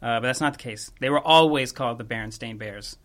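A young man with a bright, forceful voice chats casually on a podcast. He tells a story in a rambling, laid-back way, trails off and chuckles as he goes. His pitch sits in a middle range for a man. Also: quick pace. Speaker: podcast host. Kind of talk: casual chat.

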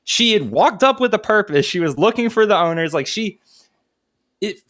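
A man in his thirties with a voice pitched a little above the usual, spinning a yarn in an easygoing podcast chat. He talks loosely, drops curse words constantly and slips little laughs into his sentences. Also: expressive, moderate pace, a bit bright. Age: 30s. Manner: laid-back, heavy swearing, chuckles mid-story. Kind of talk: casual storytelling chat.

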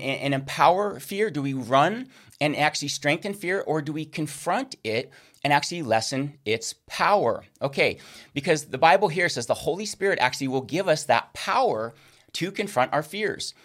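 A man's voice: a little high, a bit bright. A man teaching a recorded Christian course lesson, earnest and checking in with listeners with a frequent "okay?".

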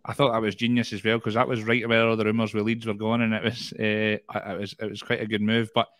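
A man's voice: fairly low pitch, flat delivery, fast talker, fairly bright tone, dry recording. Scottish man, casual rambling podcast chat, dry booth sound.

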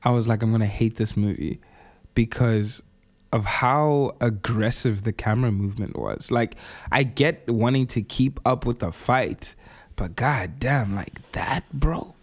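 A man in casual podcast chat with a middle-pitched, ordinary voice. He is blunt and enthusiastic and swears freely as he gives his opinions. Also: a little slow. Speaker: podcast co-host.

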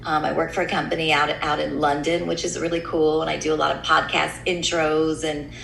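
A woman's voice: low voice, little pitch movement, brisk, vocal fry, fairly bright tone, echoey room, a little hiss or hum, low-quality recording. A middle-aged woman with an American accent, a radio host chatting candidly and casually, dropping in "you know" often. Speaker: radio host and voiceover artist. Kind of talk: casual chat.

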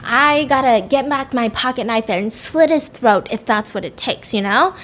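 A woman's voice: a little high, normal speed, fairly bright tone, lightly acted. A woman voicing a determined young woman who urgently plots how to overpower a captor, spoken close to her own voice. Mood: panicked. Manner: urgent, scheming.

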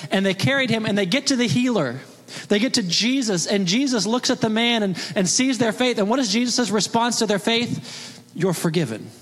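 A man's voice: high voice, fairly bright tone. A man preaching a sermon as pastor, emphatic and fond of rhetorical questions. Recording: long reverb of a large hall.

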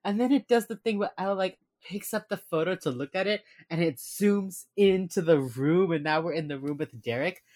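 A woman's voice: on the low side, moderate pace, hardly any pauses, darkish tone, no echo. A woman co-hosting a casual chat, retelling scenes with lots of energy, acting out lines and laughing often. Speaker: podcast co-host recapping a TV episode.

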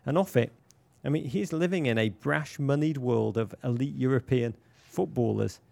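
A man's voice: medium pitch, moderate pace, vocal fry, darkish tone. A man co-hosting a casual podcast chat, playful, florid and theatrical. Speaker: podcast co-host.

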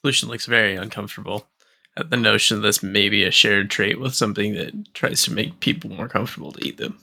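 A man's voice: fairly low pitch, fast, creaky, bright, forceful tone, slightly rough. A man playing a tabletop game, asking thoughtful questions and describing his character. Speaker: player.

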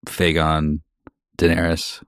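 Very deep-voiced man podcast co-host. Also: monotone, no room sound, clean studio sound. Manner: joking interjections, quick asides. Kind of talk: casual book discussion.

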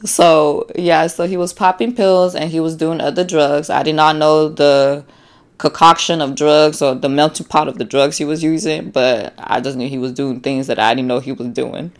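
A low-pitched woman talks straight into her own podcast in a loose, unscripted monologue. She is blunt and freely profane, calls her listeners y'all, and slips into acted-out voices to make a point. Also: moderate pace. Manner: blunt, profane and animated, acts out quotes. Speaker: podcast host. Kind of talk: casual solo podcast monologue.

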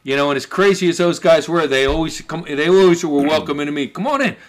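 A man's voice: a little high, fast talker. A man telling a story to friends in casual, profane chat, acting out what people said. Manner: animated, profane, acts out quoted voices.

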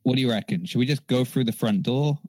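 On a low-quality recording with no room sound, a man with a mid-range, darkish voice talks fast. He's a player in a relaxed tabletop game, plotting his moves with playful scheming and the occasional chuckle.

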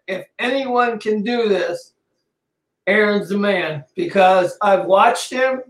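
A man stepping in as a guest to speak earnestly, repeating himself in a halting, casual way. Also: sits high, fairly bright tone. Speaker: guest, co-host's husband. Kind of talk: casual encouraging speech. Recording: echoey room.

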